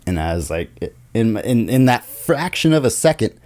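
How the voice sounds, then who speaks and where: A man talking as a podcast guest in a studio, telling a story in casual, profane, animated chat. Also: mid-range voice, moderate pace. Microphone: studio podcast mic.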